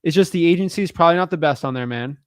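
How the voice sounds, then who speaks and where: A man's voice: a little high, quick pace, clear, resonant tone, no room sound, clean studio sound. A man coaching a newcomer on a call, blunt and frank, calling him man and dude. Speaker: real estate wholesaling coach.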